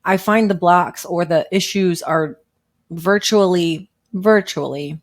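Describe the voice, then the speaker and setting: Low-voiced woman host, emphatic. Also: unhurried. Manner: warmly emphatic, affirming, talks in spiritual terms. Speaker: podcast host. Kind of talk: casual interview conversation.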